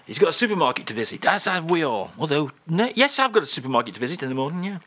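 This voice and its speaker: A man hosting a radio show, chatting in a playful, rambling, jokey way with quick asides. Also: on the high side, sing-song, pushed and bright. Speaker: radio host. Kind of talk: comic radio banter.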